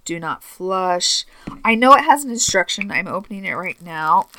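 A woman in her thirties telling a comic story on her podcast, sarcastic and animated, swinging between muttered asides and sudden exclamations. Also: on the low side, a little hiss or hum. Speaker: podcast host.

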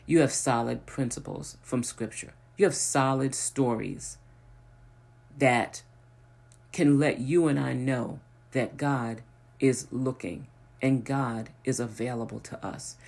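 A preacher delivering a sermon at an unhurried pace. Points come through emphatic repetition that builds in intensity, broken by hesitant restarts as the thought is found again. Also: mid-range voice, vocal fry, a little mellow.

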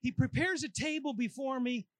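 A man's voice: extremely high pitch, normal speed. A man preaching a sermon in a church, acting out his own prayers as he talks. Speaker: pastor. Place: church sanctuary.

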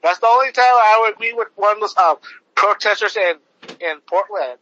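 Brisk and sharp, a high-voiced man hosts a podcast, ranting casually while swearing heavily and piling on fillers and restarts. The recording sounds dull and lo-fi.

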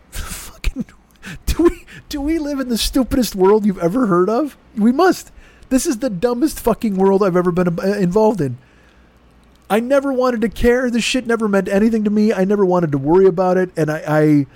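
A man's voice: high voice, darkish tone, no echo. A man hosting a comedy podcast, delivering an exasperated, profane, rambling rant. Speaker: podcast host. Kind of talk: ranting comedy podcast monologue.

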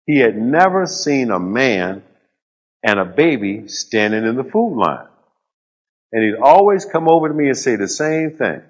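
A middle-aged man giving a motivational storytelling speech on stage before a live audience, in short punchy phrases with dramatic pauses and dry humor. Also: medium pitch, dull audio. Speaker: public speaker.

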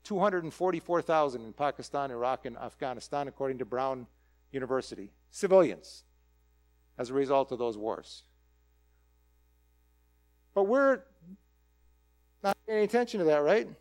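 A man preaching a conversational sermon, animated and full of rhetorical questions. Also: mid-range voice. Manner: animated, asks rhetorical questions, acts out quick quoted voices.

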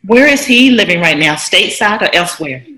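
A woman hosting an interview, encouraging her guest with short affirmations and warm prompts. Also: mid-range voice, lively intonation, a little fast. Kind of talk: interview host.

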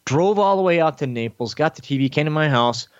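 Talking a little fast in a smooth voice, this male podcast host spins a long, profanity-heavy story during a casual chat. The audio has no echo but the highs are cut off, and he voices other people's lines with big pitch jumps in animated fashion.

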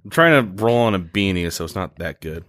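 A man playing a tabletop game, describing his moves in a relaxed way and laughing easily. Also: low-pitched, a little fast. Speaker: player. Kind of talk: casual tabletop play.

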